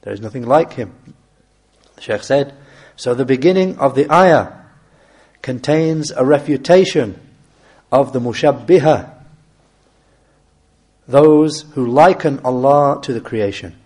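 A man teaching an Islamic text in a measured, deliberate way, reciting verses quickly in Arabic and then explaining them slowly. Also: mid-range voice, animated, a little mellow, slightly rough. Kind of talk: explaining a classical text in a lesson.

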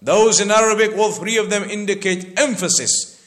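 A man giving a slow, deliberate religious lecture that explains scripture verse by verse and repeats points for emphasis. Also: high-pitched, a bit bright. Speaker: Islamic teacher.

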